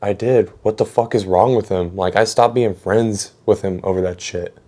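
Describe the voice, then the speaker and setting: A man's voice: lowish voice, steady tone, moderate pace, mellow, close to an everyday voice. A man voicing a blunt, casual teenage boy, a friend of the classmate. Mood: disgusted.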